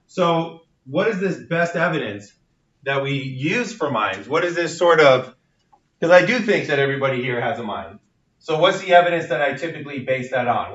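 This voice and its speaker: A man's voice: medium pitch, a bit bright. A male university instructor gives a lecture, explaining ideas patiently and checking in with his class. He is heard from a distance in a reverberant classroom. The recording sounds dull and a little muffled. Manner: explanatory, frequent "right?" tag questions. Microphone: room recording from a distance. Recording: echoey classroom from far off, dull.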